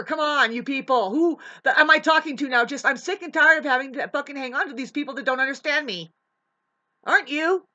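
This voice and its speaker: A woman with a high, bright voice rants straight into the camera. She swears freely and preaches at her audience in a heated, lecturing way. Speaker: vlogger. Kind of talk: profane ranting monologue.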